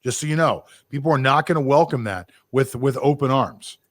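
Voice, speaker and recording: A man's voice: mid-range voice, a little fast, dry recording. A man with a mid-range voice, co-hosting a sports chat in a blunt, opinionated way. The sound is dry and close. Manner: blunt, opinionated, jumps between thoughts. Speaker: sports podcast co-host.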